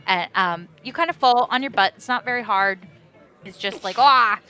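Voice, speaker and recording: A woman's voice: medium pitch, sharp tone, clear, resonant tone, soft background music. A woman narrating a tabletop game as game master, with many ums and uhs. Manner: halting, full of ums and uhs.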